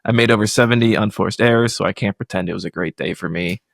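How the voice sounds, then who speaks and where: A man's voice: lowish voice, fast, creaky, no echo, studio quality. A man reading as a woman tennis pro. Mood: apologetic. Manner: plain line reading without an accent. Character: female pro tennis player giving post-match statement.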